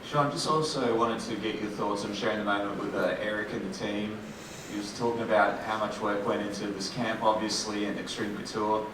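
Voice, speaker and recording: Reporter guy, low flat voice, measured question, super echoey room with noise. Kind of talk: press conference question. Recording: very echoey room, distant mic, background noise.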